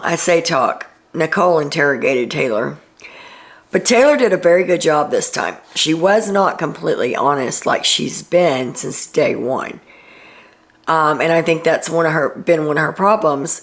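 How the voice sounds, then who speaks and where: A woman with a low voice and a gravelly, creaky texture talks through a casual recap as the show's host. She is chatty and opinionated, with frequent ums and asides. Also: expressive, moderate pace.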